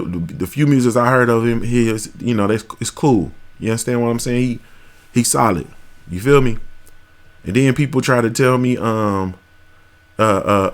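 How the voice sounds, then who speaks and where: Profane rambling man hosting a podcast. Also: mid-range voice. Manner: profane, rambling, repeats "you feel me". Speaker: podcast host. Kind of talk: casual monologue.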